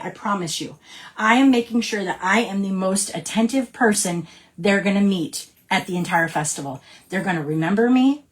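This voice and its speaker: Woman who leads a sales team. Mid-pitched, bubbly, casual pep-talk delivery. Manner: upbeat and chatty, keeps checking in with "right?". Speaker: direct sales team leader.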